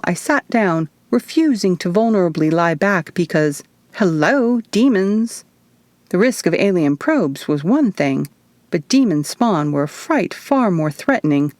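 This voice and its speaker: A woman reads her own novel aloud in the first person. Her voice sits on the low side and she tells the story at a measured, even pace. The sound is dry and close, with no room echo. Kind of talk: audiobook narration.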